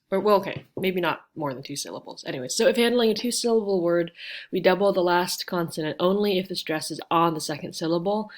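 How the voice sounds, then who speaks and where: Chatty low-voiced woman teaching grammar. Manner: chatty and informal, with many fillers and asides. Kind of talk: casual online grammar lesson. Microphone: home webcam setup.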